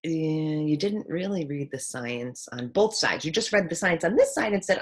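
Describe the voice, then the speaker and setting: Woman thinking out loud, kinda husky and low, earnest, does little voices when she quotes people. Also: expressive, normal speed, hardly any pauses. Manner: earnest, acts out quoted voices in jumps of pitch. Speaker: teacher sharing opinions. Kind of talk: casual reflective monologue.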